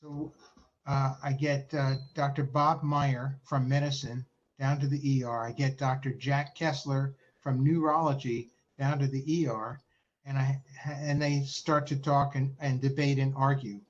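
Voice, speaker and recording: A man, a former chief resident, telling an amused hospital anecdote with pauses over a video call. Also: mid-range voice, level tone. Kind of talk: casual storytelling on a video call. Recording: dull, muffled video call audio.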